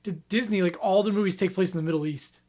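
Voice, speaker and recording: A man's voice: high-pitched, quick pace, darkish tone. A man co-hosting a comedy podcast, reading out fan questions in an easygoing way with many fillers. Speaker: podcast co-host. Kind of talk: casual comedic chat.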